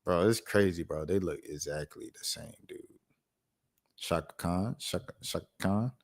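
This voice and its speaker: A laid-back man with a low voice, musing aloud on a stream. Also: moderate pace. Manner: loose, slangy, thinking aloud while reacting to news. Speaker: streamer host. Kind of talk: casual live-stream commentary.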